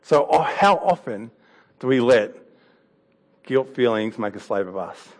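A male preacher, giving a sermon in a relaxed, conversational way. His voice sits at a middling pitch for a man, and he often drifts softer and quieter. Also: measured pace. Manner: conversational and warm, with laughs and anecdotes.

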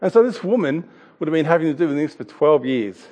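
Man, pastor, casual halting sermon, slightly high voice, laughs now and then. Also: expressive, a little mellow, in a large hall. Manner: chatty, halting with restarts and fillers; laughs now and then while telling a story.

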